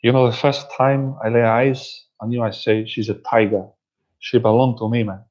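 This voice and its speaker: This is a cocky film gangster impression by a man, drawling and sure of himself. The voice sits at a middling pitch. The recording is muffled and lo-fi. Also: fairly quick, dark tone, natural voice. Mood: boastful. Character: gruff tough-talking male gangster from a film. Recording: dull lo-fi recording.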